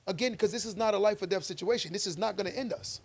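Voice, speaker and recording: A podcast co-host with a high-sitting voice talks fast in a casual debate chat. He argues his view with emphatic, preachy conviction, telling stories along the way.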